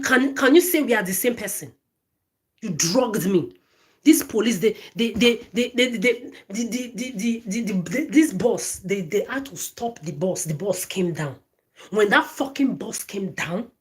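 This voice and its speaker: A woman ranting straight at her phone camera, swearing often, stammering and repeating words and phrases. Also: on the high side. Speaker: vlogger. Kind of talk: angry direct-to-camera rant.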